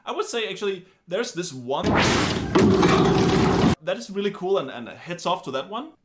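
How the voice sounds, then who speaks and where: Animated man chatting about a film. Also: sits high, normal speed, very noisy. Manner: animated, wry, chatty asides. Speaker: film reviewer. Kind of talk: casual film review monologue.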